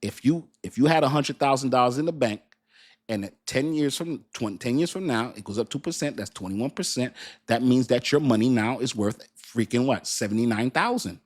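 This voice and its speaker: Man, husky voice, livestream host, casual chat, frequent laughs, answers viewers. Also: medium pitch, animated, brisk. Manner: chatty, laughs often, reads and answers chat.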